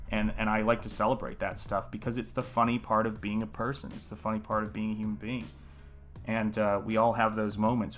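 A man's voice: fairly low pitch, a bit bright. A man hosting a live painting stream, talking in a casual, earnest, musing way and greeting viewers in the chat by name.

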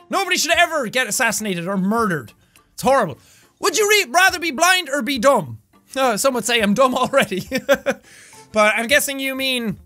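A young Irish man riffs to his viewers in a very high, bright voice, rambling from thought to thought and bursting into loud yells. Faint music plays underneath. The delivery is loose and casual, like an online video host. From Ireland. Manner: animated, loud bursts of yelling, rambling asides. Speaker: gaming YouTuber. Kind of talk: energetic casual commentary to camera.

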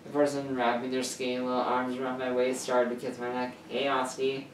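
A woman with an unusually deep voice reads a story aloud, tripping over words and restarting lines. She sounds distant from the mic in an echoey room, with a faint hiss underneath. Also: level tone, fairly quick. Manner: stumbling, self-correcting reading. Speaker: story reader.

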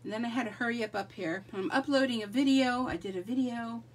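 Chatty husky-voiced woman hosting a livestream. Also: fairly high pitch, fast, far from the mic. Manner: chatty, greets viewers by name, lively. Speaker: livestream crafting host. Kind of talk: casual live chat.

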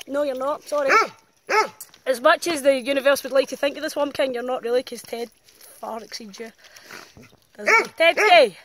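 A woman's voice: high-pitched, moderate pace, long pauses, a bit bright. A woman filming a walk, exclaiming and teasing as she talks to the dogs around her. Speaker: professional dog walker. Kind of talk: chatty outdoor vlog talking to dogs. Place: muddy countryside outdoors. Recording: outdoor noise with barking dogs. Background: dogs barking.

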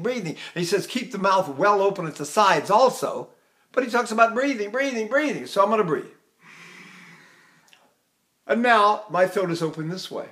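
Older male voice teacher, high and lively. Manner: breaks into sung vowels and scales mid-speech; animated, conversational, mocks bad technique with exaggerated sounds. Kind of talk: singing lesson with demonstrations.

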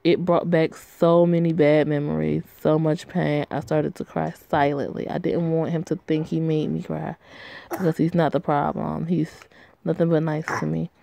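A woman reads a story game aloud and talks back at its characters in blunt, profane asides. Her voice sits low with a gravelly fry. The delivery is casual, like a play-through. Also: level tone, moderate pace, warm tone, no echo.

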